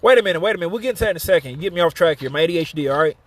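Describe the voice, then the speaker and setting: Speaking very fast in an expressive, fairly high voice, a man streams a game live. He chats easily with his audience, spins a story between plays, and thanks viewers as he goes.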